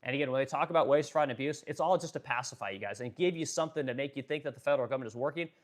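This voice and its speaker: Male streamer who talks fast and rants with heavy swearing and fillers, pausing to answer chat. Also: mid-range voice. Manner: fast-talking, ranting, profane, filler-heavy; reads and answers viewer chat. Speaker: livestream host. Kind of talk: political rant livestream.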